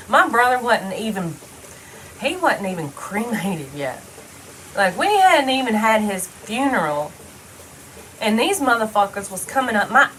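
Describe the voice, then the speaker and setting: A woman's voice: medium pitch, a bit bright, a little hiss or hum, poor audio. A woman talking straight to the camera in a casual personal monologue, blunt and heavily profane, rambling loosely from one thought to the next. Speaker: vlogger.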